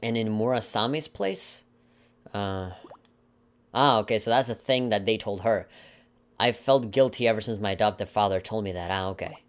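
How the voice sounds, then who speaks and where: Speaking at normal speed in a lowish voice, a man plays a video game and reads its narrative aloud. This let's play commentator undercuts the text with sarcastic, mock-dramatic jabs and chuckling asides.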